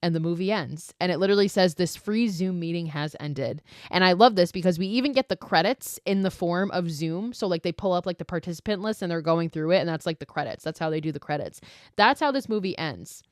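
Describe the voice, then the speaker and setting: Low-voiced woman recapping a movie, swearing freely. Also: fast, dry recording, clean studio sound. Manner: profane, animated storytelling with asides. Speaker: podcast host.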